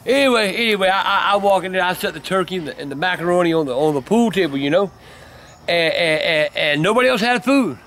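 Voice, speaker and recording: A cantankerous older man with a high-pitched voice rambles through a story in casual on-camera chat. He curses constantly, loses his thread and barks at anyone who cuts in. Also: fast, a bit bright, slight background noise. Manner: profane, rambling and cantankerous, snapping at his son. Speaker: grandfather telling family stories.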